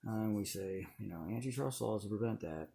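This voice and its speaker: A man's voice: lowish voice, normal speed, vocal fry, dark tone, breathy edge. A man talking casually on a home vlog, rambling with conspiratorial asides and frequent chuckles, filmed on a camera on a stand. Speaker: video creator. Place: indoors at home.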